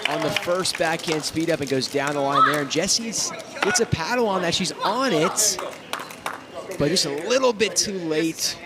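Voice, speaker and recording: A man calling pickleball live from courtside, gushing about the players and getting loud on big points. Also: on the high side, normal speed. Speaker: pickleball commentator. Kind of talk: live sports commentary. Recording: loud crowd and noise. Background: crowd and court noise.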